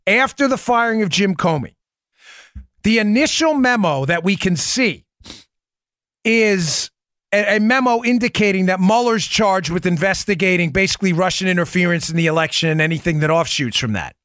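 Male podcast host, political commentary, emphatic, rhetorical questions, fairly high voice, dry close sound. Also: expressive, normal speed, fairly bright tone, dry recording. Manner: talks to his co-host by name.

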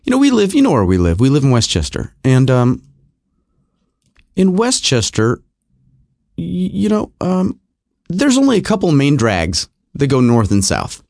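A man's voice: mid-range voice, huge pitch swings, unhurried, vocal fry, pauses often, a little mellow, no room sound, clean studio sound. Wry, rambling man in a garage. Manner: digressive, wry, self-deprecating. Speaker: podcast host. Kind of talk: rambling casual monologue. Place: home garage.

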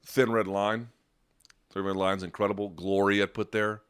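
A man hosting a podcast, telling stories and chatting casually with a rambling, profane, animated delivery. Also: lowish voice, normal speed, clear, resonant tone. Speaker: podcast host. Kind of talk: casual chat and storytelling.

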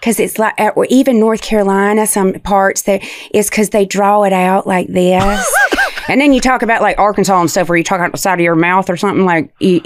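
A woman's voice: medium pitch, fairly even intonation, fairly quick. A woman from Tennessee chatting as a podcast guest, telling stories with laughs and the odd curse. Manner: chatty storyteller, laughs, swears. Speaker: guest actress. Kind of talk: casual interview chat.

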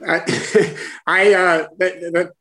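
Halting, heartfelt older man telling a story. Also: high-pitched, fairly even intonation, fairly bright tone, rough recording. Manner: halting and heartfelt, full of restarts and fillers. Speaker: guest, former caddie for his father. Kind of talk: storytelling in conversation.

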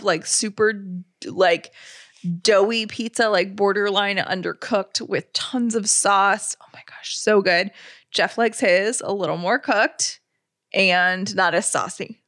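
A woman's voice: mid-range voice, a little slow, a bit bright. A woman in her thirties co-hosting a podcast, telling a heartfelt story in a gushing, emotional way. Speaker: podcast co-host. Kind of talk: casual chat.

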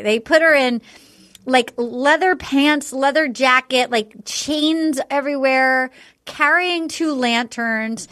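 Gushing chatty woman, slightly high voice. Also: fairly bright tone, no room sound, studio quality. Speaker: podcast co-host. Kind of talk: casual chat recapping a dating show.

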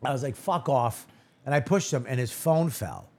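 A man from Boston, a guest comedian, telling a profane, animated story on a casual podcast and acting out the quotes. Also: medium pitch, a little fast, slightly rough.

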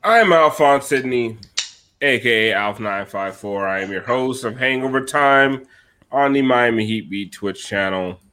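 A man's voice: mid-range voice, measured pace, sharp tone. A man hosting a post-game show, ranting in a heated, profane, exasperated way. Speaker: host.

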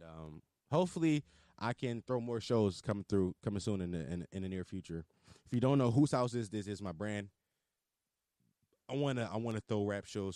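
A man hosting a casual solo podcast, telling stories in a slangy, swearing, animated way and acting out his own hype lines. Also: medium pitch, no echo, clean studio sound. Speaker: podcast host. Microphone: podcast microphone.

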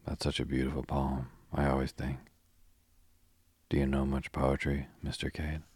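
A man's voice: extremely low pitch, completely flat delivery, normal speed, a little mellow, husky, no room sound, heavily acted. A man reading the lines of a gushing young lady who asks eager questions, in an effusive manner.

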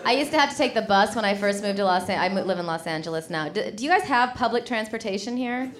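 A woman from Illinois performs stand-up on a comedy club stage, delivering her set in a sardonic, mock-haughty way. Her mid-range voice is lively and fast, and the live club recording is noisy with crowd sounds and audience laughter.

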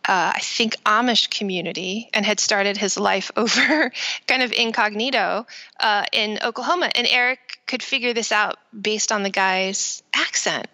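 A woman author being interviewed, telling stories about her book with lively quoted dialogue. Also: medium pitch, normal speed. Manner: animated storytelling with quoted dialogue. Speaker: author and guest. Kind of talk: interview conversation.

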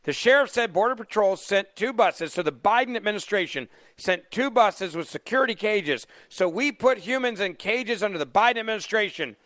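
A male talk radio host with a fairly high voice and a sarcastic, mocking delivery. He sounds close and dry, with no room around him, as he rants and then takes calls. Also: expressive, moderate pace, hardly any pauses, fairly bright tone, dry recording.

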